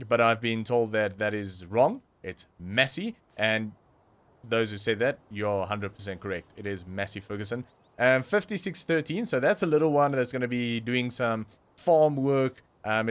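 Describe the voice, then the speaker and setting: A young South African man with a South African accent, chatting casually and rambling through a game livestream, with frequent ums and self-corrections. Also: mid-range voice. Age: young adult. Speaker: streamer.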